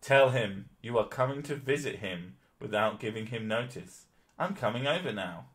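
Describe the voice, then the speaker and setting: A man's voice: mid-range voice, lively intonation, moderate pace, fairly bright tone. A man hosting a casual live stream, swearing freely and laughing often at his own sarcastic remarks. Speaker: streamer host. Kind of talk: casual chat.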